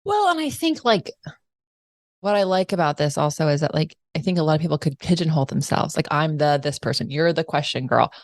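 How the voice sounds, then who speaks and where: A chatty woman host with a very low voice, telling stories casually and in an animated way. She drops in lots of "like" fillers, and her voice is close and dry, with no room echo. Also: fairly quick. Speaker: podcast host. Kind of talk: casual interview conversation.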